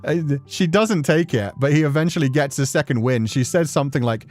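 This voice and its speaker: A man's voice: on the high side, fairly quick, darkish tone, faint music behind. A young man chatting casually on a stream, telling stories with many fillers and laughs.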